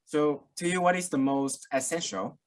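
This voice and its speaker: A man's voice: a little high, steady tone, normal speed. A man moderating a webinar panel, polite, with frequent uhs.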